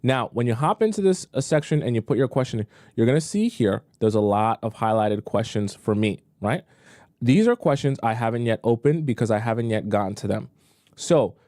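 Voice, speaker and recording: Mellow-voiced man hosting a dating-advice stream. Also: mid-range voice, no room sound, clean studio sound. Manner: emphatic, repeats points for stress. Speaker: dating coach and live-stream host. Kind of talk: casual live-stream advice talk.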